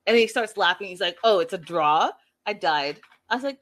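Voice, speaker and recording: A woman casually recapping a reality show, animated and acting out what people said. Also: fairly low pitch, brisk. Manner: animated, quotes people in lively voices.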